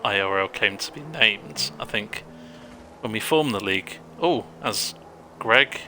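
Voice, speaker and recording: Low-voiced joking male co-commentator. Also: animated, a little slow, bright, forceful tone, slight background noise. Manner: joking, chatty storyteller. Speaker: race co-commentator. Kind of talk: live sim racing commentary.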